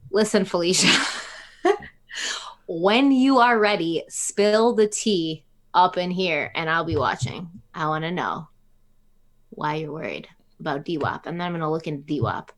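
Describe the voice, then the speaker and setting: A woman's voice: sits low, lively intonation, a little slow, long pauses. Chatty woman reading a live chat. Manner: chatty, teasing, reads names from the chat. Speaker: co-host of a live stream. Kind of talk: casual live-stream chat, reading the chat aloud.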